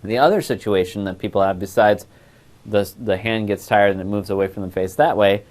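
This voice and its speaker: A man's voice: on the low side, fairly quick, a little mellow. A male voice class instructor giving a recorded lecture on a lapel mic, explaining patiently and step by step.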